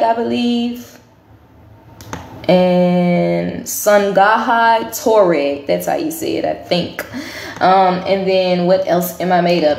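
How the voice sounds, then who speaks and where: A woman's voice: mid-range voice, darkish tone, roomy sound. A woman vlogging casually to camera, chatting and thinking aloud as she goes through a list. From United States. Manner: chatty, thinking aloud while reading results.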